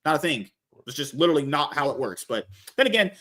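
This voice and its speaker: Animated ranting young man. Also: fairly high pitch, fast talker. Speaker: podcast host. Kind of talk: casual podcast rant.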